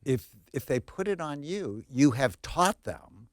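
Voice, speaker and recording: A man's voice: a little high, animated, unhurried, no echo, studio quality. A man, a child psychiatrist, explaining earnestly and emphatically as a guest in a podcast interview.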